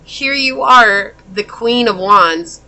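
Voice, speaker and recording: Casual tarot reader, woman, bright tone, lively and laughing, slips into quoted voices. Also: on the high side, takes it slowly. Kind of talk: casual pick-a-card tarot reading.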